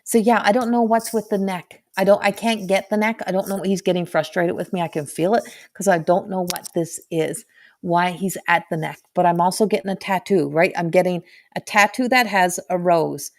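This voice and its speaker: A middle-aged woman giving a live intuitive medium reading, talking in halting, searching phrases with many restarts. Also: fairly low pitch, steady tone.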